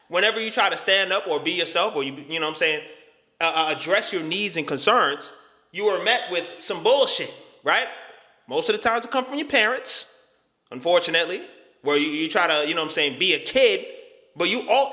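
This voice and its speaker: Emphatic, profane man with a lively voice. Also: high-pitched, roomy sound. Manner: profane, emphatic, street slang. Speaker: motivational YouTuber. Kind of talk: casual motivational talk.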